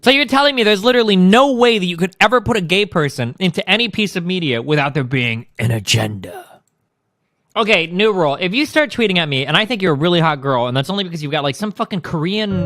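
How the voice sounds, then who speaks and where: A man's voice: fairly high pitch, fairly bright tone, dry recording, studio quality. A man streaming, ranting at his chat in a profane, combative and sarcastic way. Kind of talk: ranting reaction commentary.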